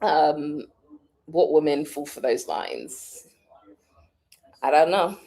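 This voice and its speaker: A low, dark voice with vocal fry belongs to a British woman from the United Kingdom who takes her time answering viewer questions in a live chat. She keeps it casual and laughs often while musing aloud.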